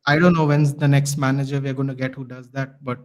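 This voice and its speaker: A man as a guest on a podcast, talking in a casual, animated, ranting way. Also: mid-range voice, fast, rough recording. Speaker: guest fan commentator.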